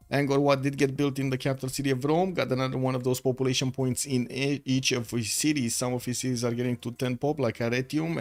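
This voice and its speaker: A young man whose first language is Romanian, casting a strategy game on a live stream in a chatty, rambling way and answering chat as he goes. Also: mid-range voice. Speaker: esports caster.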